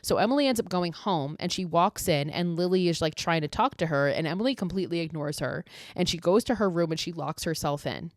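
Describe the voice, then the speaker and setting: A woman hosts a podcast and retells a horror movie scene by scene in casual, animated speech. She swears freely and fills her sentences with filler words. Her voice sits on the low side and is recorded dry and close. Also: fairly quick, hardly any pauses, no room sound. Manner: animated, profane, filler-heavy. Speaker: podcast host.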